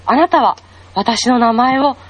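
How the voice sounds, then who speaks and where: A woman playing a grieving young unmarried woman in a devotional monologue, speaking in a hushed, tearful, questioning way. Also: on the high side, fairly quick, close to an everyday voice, rough recording. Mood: grateful. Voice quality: breathy, often whispered.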